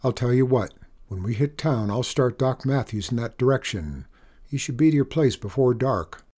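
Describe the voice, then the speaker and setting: A man reading a story, voicing a burly, gruff train engineer who bellows. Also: mid-range voice, animated, normal speed, dark tone, natural voice. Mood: gentle.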